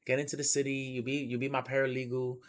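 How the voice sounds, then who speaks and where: A male streamer hosting a casual chat, telling a story in a profane, animated way. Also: mid-range voice, fast talker. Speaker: streamer host.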